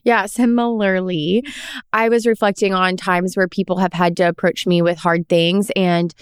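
A woman's voice: lowish voice, flat delivery, normal speed, clear, resonant tone, dry recording, studio quality. A young woman co-hosting a casual faith podcast, telling reflective personal stories. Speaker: podcast co-host.

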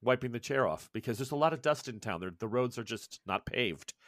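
A man's voice: mid-range voice, lively intonation, a little fast, a bit bright, no room sound, clean studio sound. A man narrating as game master of a tabletop game, casual and laughing, with many fillers.

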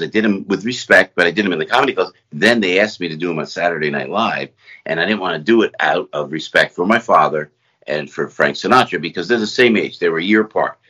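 A middle-aged man from New Jersey talks as a guest, his deep voice husky yet forceful and bright. He tells rambling, animated anecdotes. The recording sounds a little dull and lo-fi. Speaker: guest entertainer. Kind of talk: conversational storytelling.

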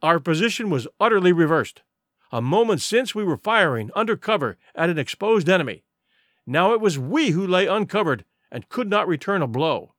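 A man's voice: high-pitched, big pitch swings, normal speed, a bit bright, dry recording, studio quality. A man narrating an adventure audiobook in a vivid, dramatic storytelling manner.

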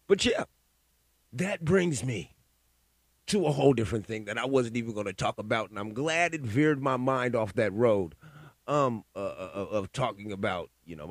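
A podcast host with a medium-pitched voice records solo in a clean studio with no room sound. He rambles casually through stories and opinions, swearing freely.

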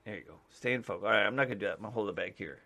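A man's voice: lowish voice, rapid-fire, gravelly, sharp tone. A man from the United States, a mailman and podcast host, rambling casually with lots of fillers and restarts.

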